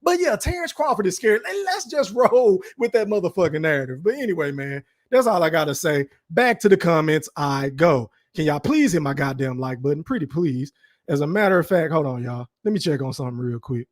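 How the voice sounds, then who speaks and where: Guy with a high voice cussing up a storm on his stream, mocking and heated, talking right at his chat. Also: expressive, a little fast, no room sound, studio quality. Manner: talks straight to his chat audience. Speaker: podcast host. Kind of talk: live-streamed commentary rant.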